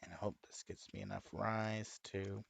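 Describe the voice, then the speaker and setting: A man chatting casually as he plays a game, rambling with sudden high excited whoops. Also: unhurried, gravelly, no room sound. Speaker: gaming streamer. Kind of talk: casual chat while playing.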